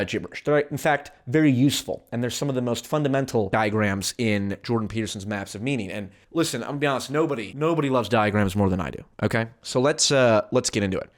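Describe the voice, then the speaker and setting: A man hosting a sarcastic, energetic explainer video. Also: mid-range voice. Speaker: commentary vlogger.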